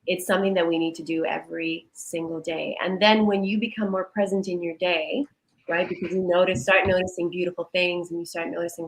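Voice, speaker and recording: A woman energy healer giving a coaching talk on a livestream video call, animated and guiding listeners through exercises. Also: fairly low pitch, a little fast, reverberant, slight background noise, poor audio.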